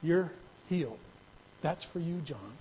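A man's voice: fairly high pitch, lively intonation, slow pace, dark tone, a little hiss or hum, poor audio. A man preaching a sermon in a conversational way that builds into emphatic, raised passages. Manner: conversational, rising to emphatic bursts. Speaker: pastor.

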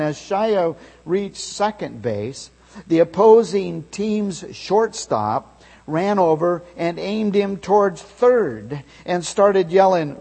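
A man preaching a sermon, telling a story with loud shouted calls at its peak. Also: high voice, expressive, slow pace, creaky. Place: church sanctuary. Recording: long reverb of a large hall.

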